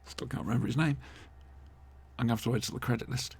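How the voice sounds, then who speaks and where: A man's voice: mid-range voice, fast talker, breathy edge. A man, co-hosting a casual, jokey watch-along commentary. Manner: jokey, rambling, animated reactions. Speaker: podcast co-host.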